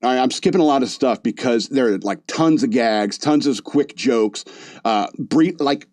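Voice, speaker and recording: A man's voice: mid-range voice, moderate pace, a little mellow, dry recording. A man with a mid-range voice hosts a casual podcast and rambles through a movie review, full of "like" and "uh" and restarts. His voice sounds close and dry, with no room around it. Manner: rambling, loose delivery with many fillers and restarts. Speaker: podcast host.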